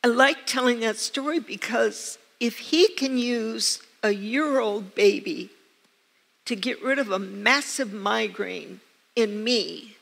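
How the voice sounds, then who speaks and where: A woman's voice: a little high, slow pace, gravelly, a bit bright. An older woman preaching a sermon, telling personal stories with earnest, emphatic repetition. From United States. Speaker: pastor. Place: church sanctuary. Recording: long church reverb.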